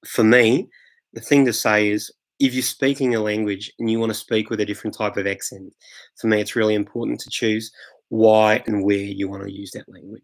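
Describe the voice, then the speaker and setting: On a low-quality recording, a fairly low-voiced man from England runs a live Q&A, eagerly and casually answering questions from viewers while stumbling through ums and restarts.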